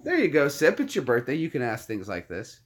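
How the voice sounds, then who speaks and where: A man hosting a casual live chat, often cooing soft baby talk to his dogs. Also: medium pitch, huge pitch swings, fairly quick. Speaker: channel host.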